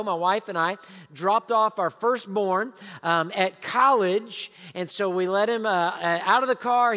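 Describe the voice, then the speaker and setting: A man in his forties with a drawl delivers a sermon with animated storytelling. His voice sits high and bright, rising loud and dropping hushed. It rings with the long reverb of a large church sanctuary. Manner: lively storytelling, swings between loud and hushed. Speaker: pastor.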